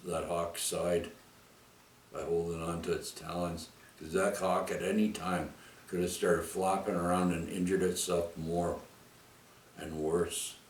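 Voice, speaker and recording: A low-voiced man tells a personal story casually and ramblingly, ending sentences with "eh?" and "right?" He's recorded off the mic from a distance in an echoey room, with slight background noise.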